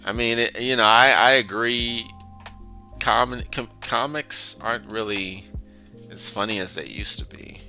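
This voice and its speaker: Faint music plays behind a philosophy channel host whose lowish voice is creaky, pushed, and bright. He speaks at a measured pace in a loose, conversational monologue, often starting over and laughing softly between points.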